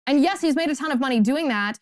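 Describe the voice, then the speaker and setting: A young woman hosts a political commentary show in a somewhat high voice, pressing each point with indignant emphasis and rhetorical questions. The sound is dry and close, with no room around her. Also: lively intonation, fast talker, no room sound. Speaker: host.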